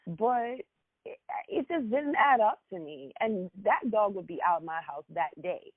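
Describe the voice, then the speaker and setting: Panelist, male, blunt and animated, dry tinny phone-like sound. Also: high voice, measured pace, dry recording. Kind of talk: casual talk show chat.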